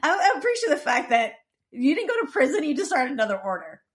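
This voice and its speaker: A woman's voice: sits high, sing-song, fast. A woman co-hosting a podcast, casually recapping an episode with wry asides. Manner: chatty, wry asides, frequent restarts. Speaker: podcast co-host.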